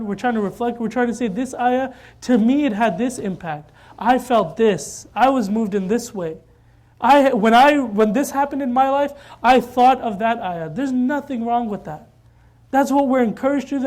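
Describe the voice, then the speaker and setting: A man's voice: very high-pitched, darkish tone. A man delivers an informal religious talk at a mosque. He keeps it conversational and repeats his phrases for emphasis.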